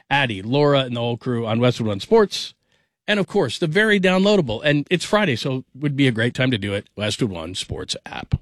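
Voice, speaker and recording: A man's voice: mid-range voice, fairly bright tone, dry recording, studio quality. A man hosting a sports radio show in a casual, rambling, self-deprecating way, laughing often.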